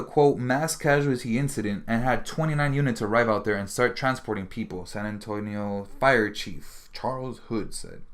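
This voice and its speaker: Man from Miami, podcast host, rambly and foul-mouthed, tired, mid-pitched voice, breaks into sudden shouts. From Miami, Florida. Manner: rambling and heavily profane, with sudden loud outbursts. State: tired and hungry. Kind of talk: casual podcast monologue, reading news aloud.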